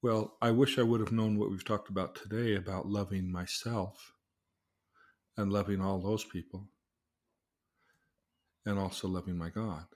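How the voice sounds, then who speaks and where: A man's voice: lowish voice, fairly even intonation, moderate pace, pauses often, a little mellow. Earnest middle-aged man telling life lessons. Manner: earnest, asks questions and acts out quoted voices. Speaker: father teaching his daughter. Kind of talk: religious life lesson told as personal story.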